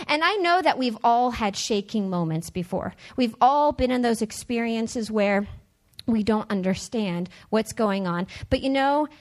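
A woman's voice: fairly high pitch, animated, a little slow. Earnest woman giving testimony. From United States. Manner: earnest, repetitive, conversational. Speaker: teacher sharing a church testimony. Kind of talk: personal testimony talk.

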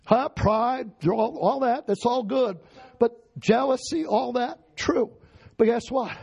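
Preacher guy, husky and kinda high, keeps quizzing the crowd. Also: slow, a little mellow, dull audio. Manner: emphatic, asks the congregation questions. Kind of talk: sermon.

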